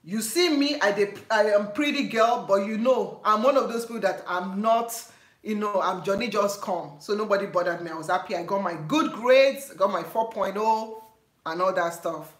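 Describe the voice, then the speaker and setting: A woman with a Nigerian accent telling a story on her vlog in an animated, laughing way. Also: medium pitch, moderate pace. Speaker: vlogger. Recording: echoey room.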